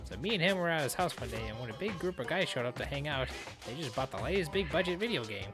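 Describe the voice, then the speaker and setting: A man voicing an excitable young man in a game, speaking in an eager, defensive way. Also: fairly high pitch, fast, over music, voice pushed up, natural voice.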